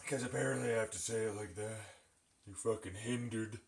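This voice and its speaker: A man's voice: lowish voice, a little fast, vocal fry. A man ranting to camera in a profane, mocking, sarcastic way while pulling an espresso shot. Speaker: vlogger. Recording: echoey room, far from the mic.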